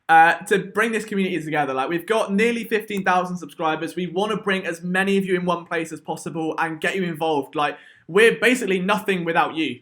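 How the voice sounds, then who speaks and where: Young English male streamer, rambling and excitable, bright tense tone. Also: high-pitched. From England. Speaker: live stream host. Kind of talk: live stream chat.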